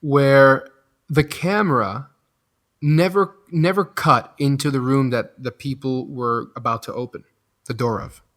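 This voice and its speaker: A man, a guest on a podcast, talking casually with many halting restarts and stammers. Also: medium pitch, a bit bright. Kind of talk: casual conversation.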